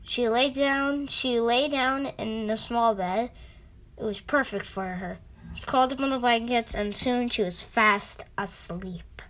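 A woman reading a children's story aloud, gently addressing young listeners. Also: fairly high pitch, measured pace, poor audio. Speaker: storytime reader.

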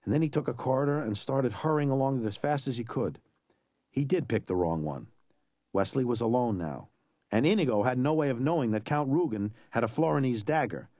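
A man narrating a story in an expressive, dramatic way. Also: mid-range voice, fairly quick, dry recording. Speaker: audiobook narrator.

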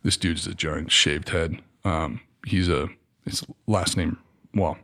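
A man's voice: deep voice, slow. A man, an army veteran, telling stories in casual chat and acting out the voices of sergeants and of his scared younger self. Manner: animated, acts out sergeants' shouts and his own scared replies.

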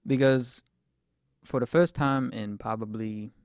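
Young male podcast host, mid-twenties, gravelly, dry close sound, rambling faith testimony. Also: medium pitch, fairly even intonation, a little slow, a little mellow, no room sound. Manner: reflective, rambling with fillers.

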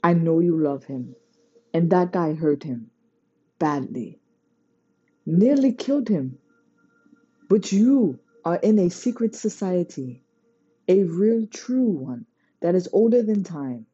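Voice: mid-range voice, lively intonation, takes it slowly, pauses often, mellow, slightly rough. A reader voicing a blunt, scolding adult male mentor in a storybook reading. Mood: stern. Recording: dull lo-fi recording.

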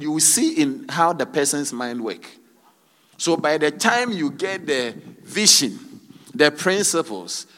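Male pastor, mid-pitched voice, preaching in church with call-outs and rhetorical questions. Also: fairly bright tone. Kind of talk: sermon.

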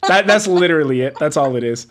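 A man's voice: a little high, quick pace, over music. A man who works as a production assistant, telling stories from film sets in a casual interview, acting out quotes and laughing often. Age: older than typical entry-level peers. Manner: animated storyteller, acts out quotes, laughs often.

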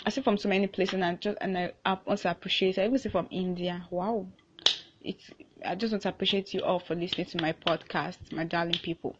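A woman's voice: fairly low pitch, steady tone, quick pace, dull audio, noisy background. Chatty Nigerian woman podcaster. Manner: chatty, with frequent restarts and laughter. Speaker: podcast host. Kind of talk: casual solo podcast.

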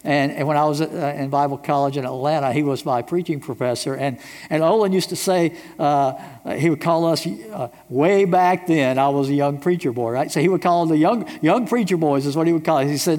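This middle-aged American pastor speaks fairly quickly in a fairly high, darkish voice, pressing his sermon home with repeated rhetorical questions. The emphatic preaching echoes through a large church sanctuary with long reverb.

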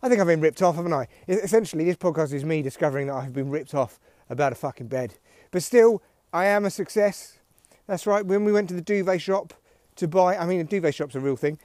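A man rambles through a solo podcast monologue in a dry, self-mocking way. His voice sits fairly high for a man. The recording is close and dry. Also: animated, fast talker, hardly any pauses, a little mellow, no room sound. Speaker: podcast host.

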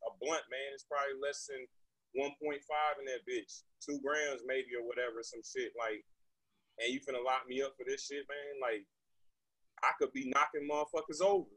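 A man from Texas, telling a story as a podcast guest in an animated, profane, indignant way. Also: mid-range voice, moderate pace, slightly rough, no echo, rough recording. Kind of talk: casual storytelling.

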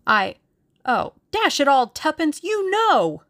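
A woman voicing a brash, eager young Englishman in an audiobook, speaking in forceful, bossy bursts. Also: medium pitch, animated, moderate pace, close to an everyday voice. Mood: teasing. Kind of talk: audiobook character reading.

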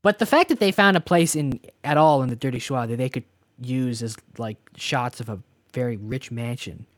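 Here a Canadian man co-hosting a podcast jokes around with a friend in lively casual conversation. He talks at a moderate pace with a medium-pitched voice, and there's no echo.

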